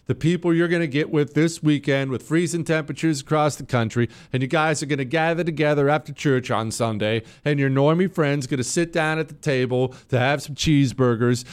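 A man hosting a political talk radio show, delivering a combative, sarcastic monologue and slowing down to hammer his points. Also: on the high side, smooth. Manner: combative, sarcastic, emphatic, slows down to stress points.

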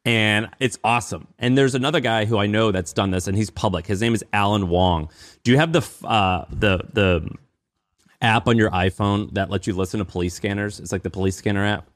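A man co-hosting a casual podcast chat, giving measured, thoughtful opinions. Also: on the low side. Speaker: podcast co-host.

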